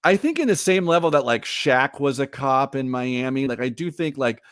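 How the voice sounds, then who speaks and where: A man co-hosting a casual pop-culture chat show, animated and laughing often. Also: medium pitch, normal speed, smooth, no room sound, clean studio sound. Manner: animated, laughs often, slips into mock voices. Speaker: podcast co-host.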